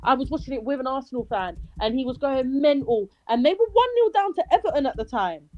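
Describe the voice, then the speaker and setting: Animated London woman, high-pitched. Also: brisk, muffled recording. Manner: animated, swearing, self-interrupting. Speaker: panel guest. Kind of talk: casual football chat.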